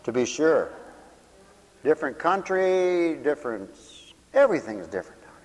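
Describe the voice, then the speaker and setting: Male pastor, lively sermon, shouts then mutters, acts out scenes, reverberant hall. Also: a little high, normal speed. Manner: swings from shouting to mumbling, acts out scenes, laughs often.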